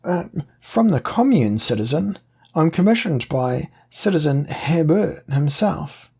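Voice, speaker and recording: Disguised commoner, male, wheedling whine, as a reader puts him on, husky and pitched up, audiobook. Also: sing-song, unhurried, a little mellow, exaggerated voice. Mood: wheedling, defiant.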